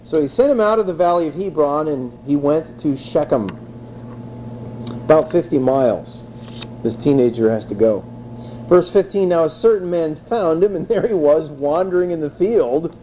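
A man's voice: fairly high pitch, moderate pace, slight background noise, low-quality recording. Wry, conversational male preacher. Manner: lively, conversational, wry asides. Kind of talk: expository sermon.

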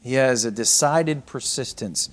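A middle-aged man preaching a sermon, swinging between raised cries and hushed, almost whispered passages. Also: medium pitch, a little slow. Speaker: pastor.

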